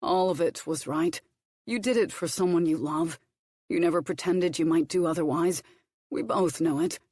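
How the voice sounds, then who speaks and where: Woman reading a gentle, grave earl. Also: on the low side, normal speed, slightly rough, no echo, clean studio sound. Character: brooding earl, a grown man raised at sea. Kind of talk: audiobook character reading.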